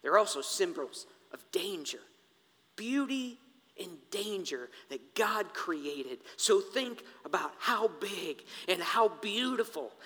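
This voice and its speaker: High-voiced, bright, slow-preaching male pastor. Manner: dramatic, swings from loud stresses to hushed near-whispers, asks rhetorical questions. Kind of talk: sermon. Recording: long hall reverb, faint music behind.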